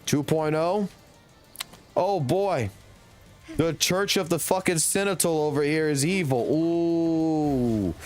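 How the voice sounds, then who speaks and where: Male game streamer, fairly high voice, cussing rant, faint music underneath. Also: measured pace, pauses often. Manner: blunt, heavy swearing, slangy. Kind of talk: casual ranting commentary.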